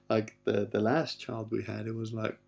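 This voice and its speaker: Man, 50s, husky and a touch low; candid, rambling podcast monologue with blunt language. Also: flat delivery, measured pace, a little mellow, faint music behind. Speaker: podcast host. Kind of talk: casual personal monologue.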